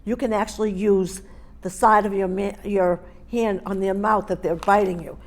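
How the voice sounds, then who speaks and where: A middle-aged woman who instructs in dog grooming and training leads a hands-on teaching demonstration in a steady, mid-range voice at normal speed. She speaks emphatically, repeats the key points, and checks in with her listeners.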